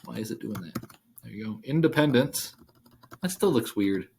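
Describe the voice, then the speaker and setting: Casual low-voiced male writing instructor. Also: lively intonation, normal speed, gravelly, a little mellow, a little hiss or hum. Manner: casual, thinking aloud with fillers. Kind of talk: screen-share worksheet walkthrough.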